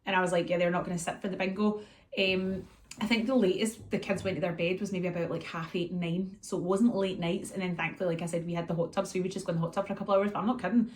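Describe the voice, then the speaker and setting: Scottish woman, casual vlog chat, lively storyteller who acts out the bits. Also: fairly low pitch, quick pace, slight background noise. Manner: chatty and animated, acts out scenes and quotes her kids. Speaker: vlogger catching up with viewers.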